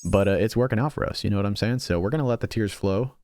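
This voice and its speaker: Low-voiced man thinking aloud over a game. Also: quick pace, darkish tone. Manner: thinks aloud, self-mocking, frequent restarts. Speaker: gaming channel host. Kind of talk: casual strategy game commentary.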